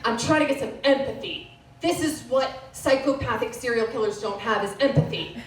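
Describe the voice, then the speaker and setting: A woman in her thirties doing stand-up comedy, telling a story on stage with lively, animated delivery. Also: moderate pace. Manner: animated storytelling with wild pitch jumps. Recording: roomy live venue, distant, faint hiss.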